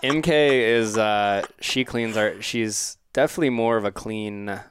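A man's voice: lowish voice, measured pace, noisy background. A young man in casual podcast chat, rambling with lots of "like" fillers. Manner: loose, rambling, many "like" fillers.

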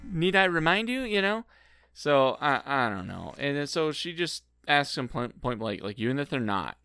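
Gravelly, sarcastic male podcast co-host. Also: on the high side, animated, moderate pace, pushed and bright, no room sound, studio quality, faint music behind. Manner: sarcastic, swears freely. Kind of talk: casual recap chat.

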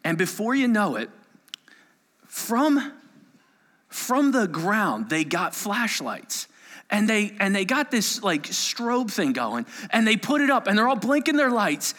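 A man preaching a sermon to a live church audience, telling a story in a playful, animated way and acting out voices and sound effects. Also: high voice, moderate pace. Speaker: pastor. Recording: long reverb of a large hall.

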